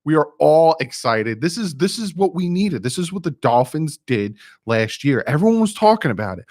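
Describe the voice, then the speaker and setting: A man hosting a sports fan live stream, talking excitedly, repeating himself and reading chat messages aloud. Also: on the high side, moderate pace, few pauses, no room sound, studio quality.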